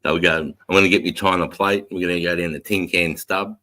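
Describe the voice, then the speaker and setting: A man's voice: deep voice, steady tone, fast talker, sharp tone. An Australian man telling stories in a casual livestream chat, swearing constantly, laughing often and rattling off rhyming slang. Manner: profane, laughing storyteller fond of rhyming slang. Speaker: livestream co-host.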